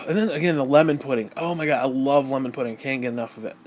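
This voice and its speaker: A man's voice: mid-range voice, steady tone, quick pace, darkish tone, a little hiss or hum. A man vlogging in a casual, rambling monologue that turns into a profane rant.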